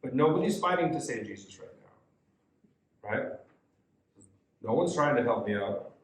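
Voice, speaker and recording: A man's voice: mid-range voice, lively intonation, measured pace. A man teaches a youth Bible study in a casual, conversational way. He reads verses aloud and then talks through them in a mid-range voice. The room adds a roomy echo. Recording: echoey room.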